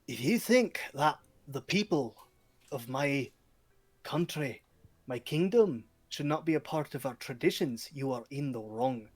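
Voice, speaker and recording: A man's voice: mid-range voice, expressive, a little slow. A man voicing a stern king who firmly rebukes a lord in front of his court.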